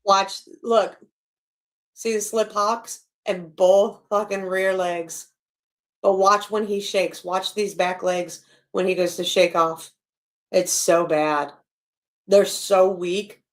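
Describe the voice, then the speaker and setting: A woman's voice: medium pitch, fairly even intonation, takes it slowly. A woman hosting a stream, casually reacting to a dog video with blunt, scornful commentary.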